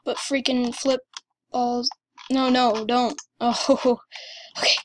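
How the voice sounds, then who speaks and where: A woman giving excited commentary over her gameplay, gushing and exclaiming breathlessly. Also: on the high side, slow pace, slight background noise. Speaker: gamer.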